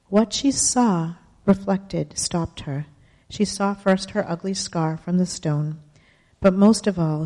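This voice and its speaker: A woman reading a children's story aloud, gentle and pausing to explain words for young listeners. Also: on the low side. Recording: long hall reverb.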